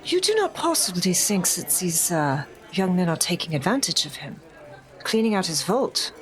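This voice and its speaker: A woman voicing a charming, smooth-talking con artist in a tabletop game, who speaks in a polite, ingratiating way. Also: on the low side, big pitch swings, moderate pace.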